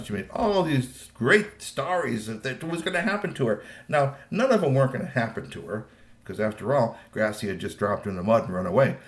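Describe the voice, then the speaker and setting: A man improvising a bedtime story for his child, animated and meandering, in an echoey room. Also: mid-range voice, brisk. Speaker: parent telling a bedtime story.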